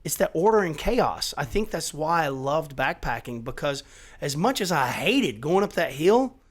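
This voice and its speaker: A man's voice: a little high, normal speed. Emphatic, swearing middle-aged man. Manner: emphatic, profane, animated storytelling. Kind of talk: casual chat.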